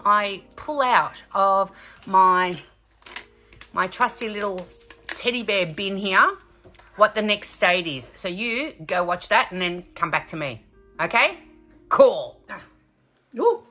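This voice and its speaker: A woman's voice: mid-range voice, unhurried, bright, forceful tone, soft background music. A chatty Australian woman vlogging from home about her craft project, bubbly and a little out of breath. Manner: chatty, bubbly, talks to her pet between remarks. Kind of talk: casual chat to camera.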